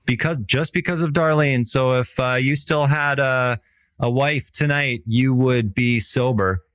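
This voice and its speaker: A man's voice: medium pitch, measured pace, fairly bright tone, clean tone, no room sound, lightly acted. A man playing a dry, drawling radio DJ. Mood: wry. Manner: drawling, dry, hesitant with many uhs. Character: weary male late-night radio DJ. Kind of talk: improvised radio call-in comedy.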